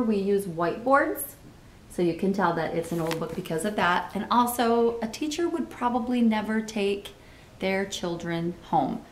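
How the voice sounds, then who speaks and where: A woman reading a children's book aloud, pausing to comment and ask listeners questions in an expressive way. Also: mid-range voice, a little hiss or hum. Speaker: storybook reader. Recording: roomy echo.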